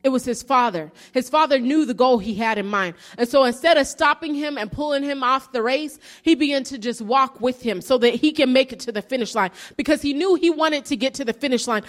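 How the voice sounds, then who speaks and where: A woman's voice: high-pitched, brisk, hardly any pauses. A woman giving an earnest sermon-style testimony, telling her story and rising into preaching emphasis.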